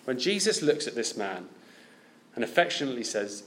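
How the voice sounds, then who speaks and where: A man's voice: medium pitch, very animated, normal speed, fairly bright tone, slight background noise. A man preaching a sermon, asking his listeners many direct questions.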